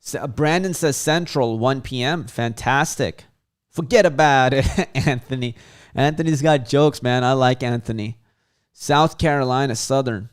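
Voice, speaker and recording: A man's voice: mid-range voice, unhurried, clean tone. A man from Chicago hosting a casual livestream and reading viewer comments aloud with lots of hype. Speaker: livestream host.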